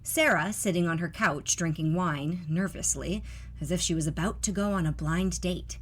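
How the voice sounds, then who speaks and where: A woman narrating a scripted story in an expressive, unhurried way. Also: on the low side, breathy edge.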